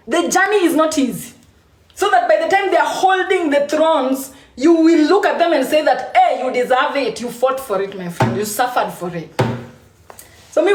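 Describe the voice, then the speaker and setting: A woman's voice: high voice, roomy sound. A woman with a Kenyan accent talking casually on a live stream, laughing often and repeating phrases for emphasis.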